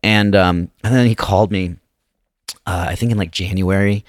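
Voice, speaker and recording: A man, a guest comedian, telling a long personal story on a podcast in a casual, halting way with many restarts. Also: low-pitched, fairly even intonation, no echo, clean studio sound.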